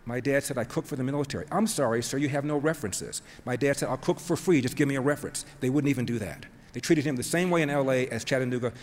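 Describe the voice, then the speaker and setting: Man, storytelling speech, emphatic, quoted voices acted out, long hall reverb. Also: medium pitch. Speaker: speaker telling a family story.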